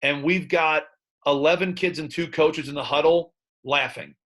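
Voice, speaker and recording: A man who coaches high school football, breaking down game film in conversation and telling animated stories about his players and staff. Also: normal speed. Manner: animated storyteller recounting sideline moments; plain coaching talk about play calls.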